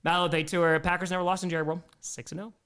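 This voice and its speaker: A man's voice: sits high, fast, clear, resonant tone. A young American man hosting a livestream, calling plays and chatting with viewers. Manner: switches between excited play calls and chatty replies to viewers. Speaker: livestream host doing play-by-play. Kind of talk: casual livestream play-by-play and chat.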